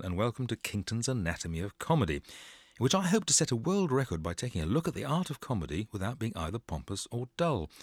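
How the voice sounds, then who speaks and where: A man presenting a scripted radio programme, his low voice full of lively ups and downs as he delivers dry, wry jokes. The sound is close and dead, with no room at all. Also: no echo.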